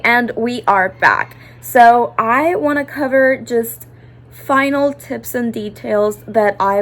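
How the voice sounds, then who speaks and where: A woman's voice: mid-range voice, poor audio. A young woman who performs as a party princess, explaining character tips in a casual, upbeat, chatty vlog.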